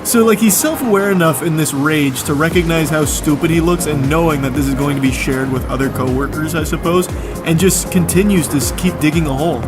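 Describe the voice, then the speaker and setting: A man in his forties giving sarcastic, exasperated commentary as he reads out someone's text messages, now and then mimicking them in a shrill voice. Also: fairly quick, over music. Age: 40s. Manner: mocking, exasperated, puts on shrill voices for quotes. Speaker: streamer reading text messages.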